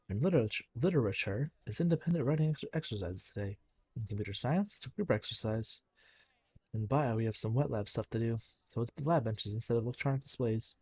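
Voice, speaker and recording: A man's voice: mid-range voice, darkish tone, breathy edge, dry recording. A young man reading a visual novel's narration aloud on a live stream, sometimes tripping over words and restarting.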